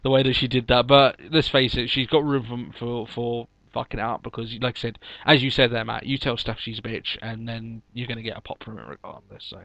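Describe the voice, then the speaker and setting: A man's voice: mid-range voice, level tone, fairly quick, gravelly, few pauses, a bit bright, no echo, dull audio. Chatty man laughing through a podcast. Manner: chatty, laughs often, many fillers. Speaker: podcast co-host. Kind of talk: casual chat.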